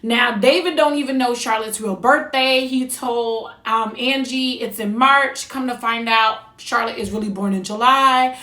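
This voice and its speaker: A high, bright-voiced woman from New Jersey talks through a movie review with blunt, sassy opinions. Her voice rings out in an echoey room. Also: measured pace, hardly any pauses. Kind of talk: casual review monologue.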